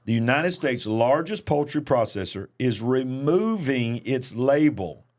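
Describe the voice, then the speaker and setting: In a medium-pitched voice and at an unhurried pace, a male preacher and show host reads out news headlines. He then comments on them in an animated, emphatic way.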